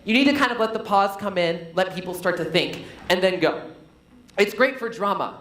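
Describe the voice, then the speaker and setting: A man presenting a storytelling workshop, playful and animated, joking with his audience. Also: sits high, a little fast, roomy sound, slight background noise, poor audio. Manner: playful, animated teacher who jokes with the audience. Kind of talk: live storytelling workshop talk. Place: conference hall.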